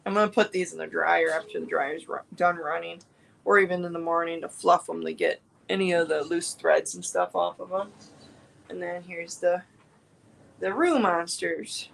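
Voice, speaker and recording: A woman's voice: lowish voice, steady tone, normal speed, creaky, slight background noise, rough recording. A woman chatting casually on a home crafting livestream, rambling with fillers and restarts. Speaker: crafting vlogger.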